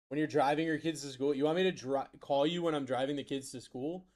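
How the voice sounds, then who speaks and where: A man's voice: fairly high pitch, steady tone, fast, few pauses, darkish tone. A man hosting a live card break stream, reading out player names and answering chat. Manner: rattles off player names, reads chat aloud.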